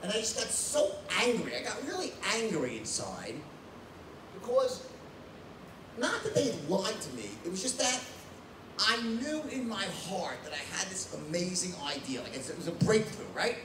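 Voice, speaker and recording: A man running a live sales training, telling stories in a blunt, animated way with frequent "right?" and swearing, at a whiteboard. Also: sits high, moderate pace, background noise. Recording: roomy echo from a distance.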